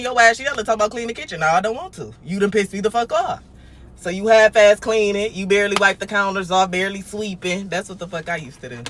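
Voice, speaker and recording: A young woman chats on her livestream in a bright, forceful voice, blunt and full of swearing. She swings from loud to hushed and back as she talks. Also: mid-range voice, a little hiss or hum. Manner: blunt and profane, with swings between loud and quiet. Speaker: livestream host. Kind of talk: casual livestream chat.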